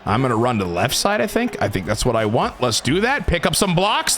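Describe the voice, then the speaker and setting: Bright-voiced guy calling his own game plays, high and bouncy, loud then quiet, music under it. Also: very animated, moderate pace. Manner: swings from loud hype to low muttering. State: sweaty and tired from long recording. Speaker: gaming YouTuber. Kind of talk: excited video game commentary. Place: his room.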